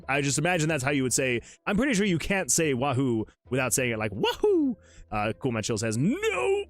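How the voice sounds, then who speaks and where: A man hosting a casual livestream, chatting excitedly with viewers, laughing often and reading chat messages aloud. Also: medium pitch. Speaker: livestream host and game developer.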